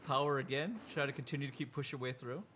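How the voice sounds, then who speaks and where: Bright-voiced man running a tabletop game. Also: mid-range voice, slight background noise. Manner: animated, jumps into quick character voices. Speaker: game master.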